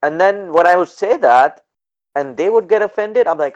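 A man from Canada, a podcast guest, telling stories in a casual, animated way and acting out the people he quotes. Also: sits high, moderate pace. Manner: animated, acts out dialogue in quoted voices, laughs often. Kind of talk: casual storytelling in a podcast interview. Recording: dull lo-fi podcast audio.

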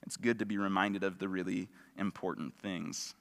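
Male pastor, low bright voice, easygoing sermon delivery, long hall reverb. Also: moderate pace, creaky. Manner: relaxed, conversational, with self-deprecating humor.

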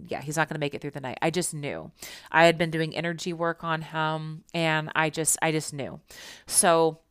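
A woman's voice: deep voice, a bit bright, clean tone, no echo, studio quality. A young woman telling a personal story and teaching about spiritual signs in an earnest, reassuring, conversational way.

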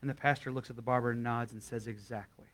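A man's voice: medium pitch, flat delivery, racing, fairly bright tone. Folksy man preaching a sermon. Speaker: guest pastor. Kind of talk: sermon with story and prayer. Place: church service before a live congregation.

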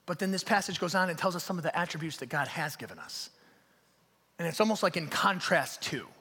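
A male pastor preaching a sermon live in a church hall, telling stories in an animated way and dropping to hushed, near-whispered emphasis. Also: on the high side, a little fast, breathy edge. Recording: long reverb of a large hall.

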